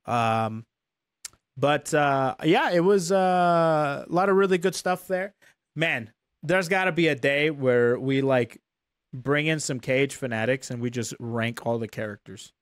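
A man's voice: fairly high pitch, a little slow, clear, resonant tone, dry recording, studio quality. A young man hosting a casual streamed talk show, laughing often and repeating his words.

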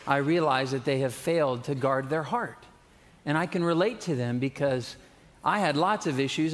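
A man's voice: on the high side, long reverb tail. A man preaching a sermon, telling a personal story in a candid, conversational way. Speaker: guest preacher. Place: church sanctuary.

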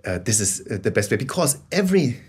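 A man speaks as a guest on a remote interview, his voice slightly husky. He explains in a conversational way, often restarting sentences and sometimes rising into animated bursts. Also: medium pitch, fast talker. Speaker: guest, corporate storyteller.

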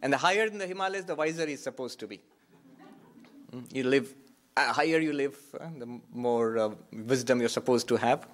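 A monk giving a reflective spiritual talk, repeating key phrases for emphasis. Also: male voice, medium pitch. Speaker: monk and Vedanta teacher.

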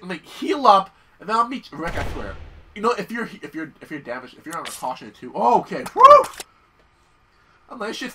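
A man commenting on a video game as he plays, excitable and cursing, yelling at his partner in the game and talking himself through each step. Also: on the high side, distant mic, a little hiss or hum. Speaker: gameplay commentator. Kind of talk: let's play commentary. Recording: voice a bit off-mic, loud game music behind. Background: video game music.

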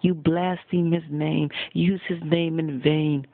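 A man preaching a sermon, addressing his listeners directly and accusingly at a deliberate pace. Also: a little high, level tone. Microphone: phone. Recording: tinny phone recording, dry.

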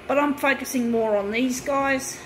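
A woman with a fairly high voice rants heatedly to her viewers, swearing constantly and repeating herself. Faint ambient noise hums behind her. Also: moderate pace, poor audio. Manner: heated, profane, repetitive ranting to viewers. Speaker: vlogger. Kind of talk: angry monologue rant.

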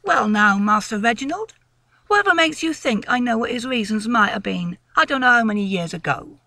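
A woman voicing a gruff, proud old country woodman near eighty, grumbling in rural dialect. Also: a little high, animated, a little fast, pushed and bright, dry recording.

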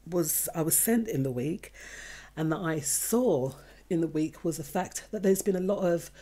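A woman's voice: fairly low pitch, moderate pace, warm tone. A woman co-hosting a casual podcast chat, earnestly reading out a news item and urging listeners. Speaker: podcast co-host.

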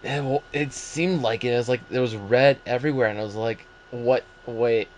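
A man's voice: medium pitch, moderate pace, slight background noise. A man hosting a casual movie podcast, rambling and acting out his own reactions as he talks. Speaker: podcast host. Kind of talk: casual movie review chat.

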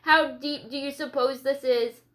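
A nervous, chattering schoolmaster man in a storybook reading, as a woman narrator voices him. He talks on and on in a bright, lifted tone, fretting as he goes. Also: high voice, steady tone, unhurried. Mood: fretful. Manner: rambling, nervous. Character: fretful timid Scottish schoolmaster man. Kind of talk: audiobook character reading.

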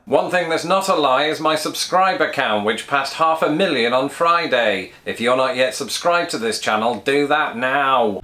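A man's voice: medium pitch, pushed and bright. A British man hosting a comedic vlog from his home, with a playful, dry delivery and asides to his dog. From Britain. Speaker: YouTube host.

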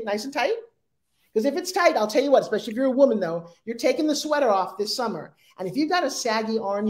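A woman in her sixties speaking as an interview guest, animated and acting out sales pitches in quoted voices. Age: 60s. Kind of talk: energetic interview talk.

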